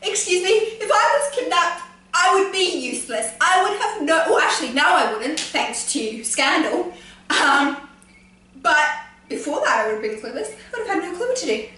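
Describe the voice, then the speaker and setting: A woman giving a rambling, gushing fan review of a TV episode, excited and often laughing. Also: very high voice, moderate pace. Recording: echoey room from far off, faint noise.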